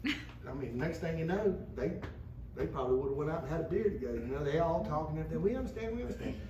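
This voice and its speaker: A man's voice: on the high side, fast, a little hiss or hum. A man telling a story live in a folksy, emphatic way. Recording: echoey room, distant mic, loud audience.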